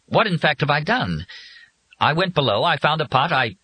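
A man narrating a storybook and voicing a worried, determined male character who questions earnestly in a husky voice. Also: on the high side, sing-song, normal speed, bright, forceful tone, no echo, voice pushed up, exaggerated voice, poor audio.

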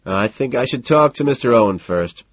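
A man's voice: lowish voice, lively intonation, normal speed, slightly rough, dull audio. A man doing a smug sarcastic limo driver. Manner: smug, mocking.

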